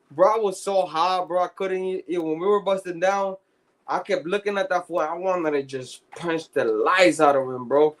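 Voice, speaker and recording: Slangy, laughing man with a higher voice. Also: moderate pace. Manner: profane, slangy, laughs often. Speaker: podcast co-host. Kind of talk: casual chat, storytelling.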